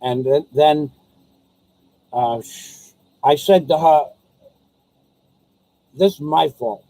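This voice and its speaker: A man vlogging in a rambling, casual monologue, telling stories and quoting people as he grumbles about high prices and masks. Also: slow, warm tone, dry recording, low-quality recording.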